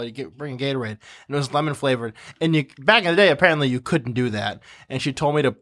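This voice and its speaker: A man's voice: on the high side, a bit bright. A young man co-hosting a casual chat, laughing often and hedging with "uh" as he recalls school. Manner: laughs often, hesitant with "uh" fillers.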